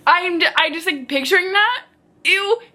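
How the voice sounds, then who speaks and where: A young woman chatting casually as a book vlogger, animated and dramatic, with lots of filler "like"s. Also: very high voice, normal speed. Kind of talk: casual chat.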